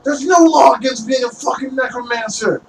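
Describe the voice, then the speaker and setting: A man's voice: very high-pitched, a little fast, creaky, recorded from a distance, slight background noise, pitched above the performer's own voice, low-quality recording. A man voicing a bratty, foul-mouthed young male necromancer who shrieks and curses at everyone around him. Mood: furious. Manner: shrieking, cursing, frantic.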